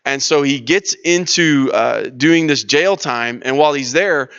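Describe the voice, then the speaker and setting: A man's voice: mid-range voice, measured pace, creaky, fairly bright tone, clean tone, highs cut off. A man leading a church leadership workshop, talking in a casual, storytelling way with lots of restarts and fillers. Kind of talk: conversational teaching session.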